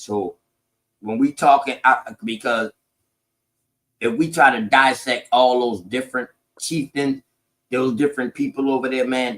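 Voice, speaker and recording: A man runs through history in loose, casual talk. He is profane and emphatic, and he leans into his points as he explains. His pitch sits at a middle level. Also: a bit bright, rough recording. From South Carolina, United States. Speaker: podcast host.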